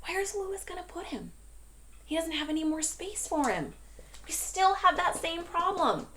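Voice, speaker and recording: A woman teacher reading a storybook aloud to a class, pausing to ask questions. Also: extremely high pitch. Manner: questioning, expressive.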